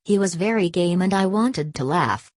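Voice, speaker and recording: A woman reading a novel aloud as an audiobook narrator, voicing every character in one steady voice. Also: lowish voice, moderate pace, no echo. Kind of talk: scripted narration.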